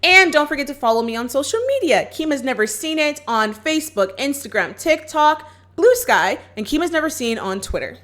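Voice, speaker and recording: A woman vlogger cheerfully runs through a movie's plot for her viewers, voicing the characters' lines along the way. Her high-pitched, slightly bright voice has lively intonation, and she talks briskly with few pauses.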